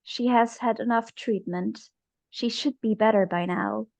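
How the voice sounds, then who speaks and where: A woman's voice: a little high, measured pace, a little mellow, no echo. A contemptuous woman doctor in a tabletop game scene, voiced by the narrator. She speaks coldly in short, commanding sentences. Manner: cold, clipped, commanding.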